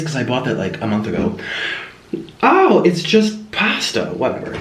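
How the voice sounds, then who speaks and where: A home cooking vlogger, a man with a slightly high voice who chats his way through a recipe. His pitch swings freely and he breaks into dramatic exclamations. The sound is roomy, with faint music behind him. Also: big pitch swings, a little fast. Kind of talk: casual cooking vlog. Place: home kitchen.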